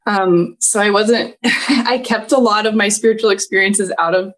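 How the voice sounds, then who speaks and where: A woman in her thirties, appearing as a podcast guest, tells an emotional personal story in a mid-range, slightly bright voice with a steady tone at normal speed. She speaks with earnest, heartfelt feeling, often near tears and laughing through it.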